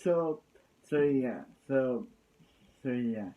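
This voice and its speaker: A man's voice: mid-range voice, lively intonation, very slow, mellow, low-quality recording. A man casually recapping a TV episode, rambling with constant fillers and restarts. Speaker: TV episode reviewer.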